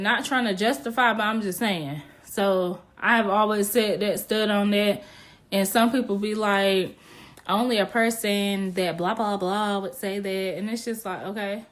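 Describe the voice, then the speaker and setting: A young woman hosting her own podcast, telling a personal story in a frank, chatty way, laughing often and drifting off topic. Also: mid-range voice. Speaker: podcast host. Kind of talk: candid solo podcast storytelling.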